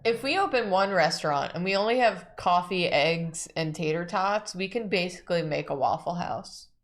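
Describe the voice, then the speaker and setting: A woman's voice: lowish voice, animated, normal speed. A woman co-hosting a casual stream, chatting animatedly and laughing as she talks. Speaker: stream co-host. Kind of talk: casual chat.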